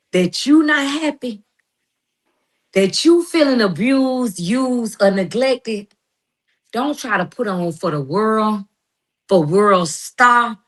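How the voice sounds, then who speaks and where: A middle-aged woman in a heated, emphatic monologue, confronting someone with slang and preachy turns. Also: medium pitch. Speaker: guest responding to critics.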